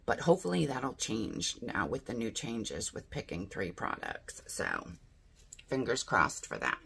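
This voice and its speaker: A woman's voice: very deep voice, big pitch swings, measured pace, creaky, a bit bright, slight background noise. A woman chatting casually through a beauty box unboxing, thinking aloud and asking her viewers what she should do. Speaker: beauty vlogger.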